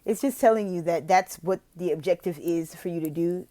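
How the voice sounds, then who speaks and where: A woman from the United States explaining how to teach online English lessons, switching between casual advice and slow, exaggerated teacher talk. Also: on the low side, mellow. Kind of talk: instructional vlog with role-played teaching examples.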